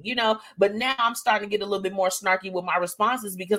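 A woman's voice: medium pitch, quick pace, few pauses, a bit bright. A woman hosting a live show, talking candidly and emotionally to her listeners and calling them y'all. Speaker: host.

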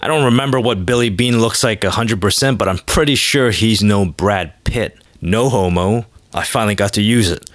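A man with a fairly low voice rambles through a comedy podcast monologue, crude and self-mocking in an offhand way. The sound is dry and close, with no room around it. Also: normal speed, few pauses, dry recording. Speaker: podcast host.

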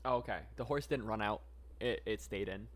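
A man's voice: on the low side, brisk. A man co-hosting a casual podcast, improvising a story with laughs and rambling. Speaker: podcast co-host.

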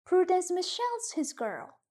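A woman's voice: very high-pitched, very animated, measured pace, warm tone, pitched above the performer's own voice, full character voice. A woman voicing Frank, a younger farm boy who tattles and needles, in an audiobook reading. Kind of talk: audiobook reading of a short story.

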